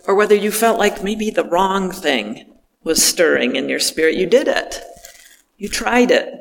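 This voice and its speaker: Slow-spoken high-voiced male preacher. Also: gravelly, in a large hall. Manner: slow, gentle, pausing between phrases. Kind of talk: reflective sermon.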